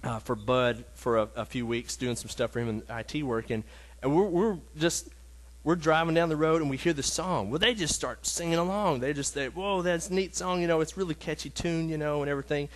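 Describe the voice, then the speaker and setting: A man teaching a casual Bible lesson, earnest and emotional, talking in a halting way with many restarts and fillers. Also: on the high side.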